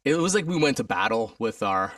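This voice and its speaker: A man who is an alumnus and stage performer tells a story from his career in a conversational interview, animatedly acting out others' voices with pitch jumps. He speaks fairly quickly. The studio sound is clean with no room sound, though he sits far from the mic.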